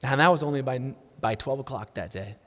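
A man in his thirties, a pastor, preaching a sermon and telling a story earnestly. He drops to a soft hush when he prays. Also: mid-range voice, fairly quick. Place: church sanctuary. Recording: long hall reverb.

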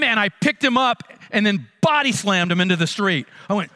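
A man, a pastor, telling a funny story in a sermon with animated, self-mocking comic timing. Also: sits high, fairly quick, hardly any pauses.

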